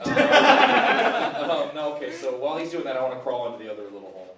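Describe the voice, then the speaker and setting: Hesitant comedian player before a crowd. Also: male voice, mid-range voice, quick pace, hardly any pauses, recorded from a distance. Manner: hesitant, deadpan, with filler words. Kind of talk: improvised comedy role-play. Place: live comedy venue. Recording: echoey room with a loud crowd.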